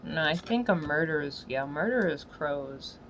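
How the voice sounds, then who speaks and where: A woman ranting in a profane, slangy monologue, swinging from low muttering to loud yelling. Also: lively intonation, unhurried, noisy background. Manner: swears constantly, slangy. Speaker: solo podcaster.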